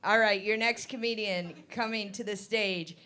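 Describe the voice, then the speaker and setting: A woman's voice: medium pitch, fairly even intonation, normal speed, pushed and bright, clean tone. A woman hosting a comedy night, introducing acts with dry, teasing asides from the stage. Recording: live room with crowd noise. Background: audience.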